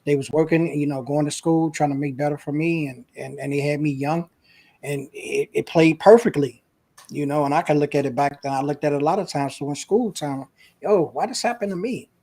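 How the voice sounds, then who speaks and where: A man's voice: fairly high pitch, fairly quick, dark tone. A man, a guest on an interview show, earnestly telling a personal story in a casual, emotional way.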